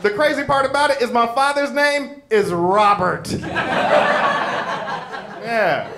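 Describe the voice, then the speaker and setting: A man from Chicago doing punchy, animated stand-up comedy as host on a stage mic. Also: high voice, unhurried, pauses often, heavy background noise. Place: comedy stage before an audience.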